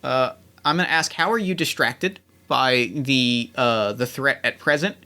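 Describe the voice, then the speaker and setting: Bright-voiced male game master. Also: mid-range voice, measured pace. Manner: loose, hesitant scene-setting with many fillers. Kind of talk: running a tabletop game.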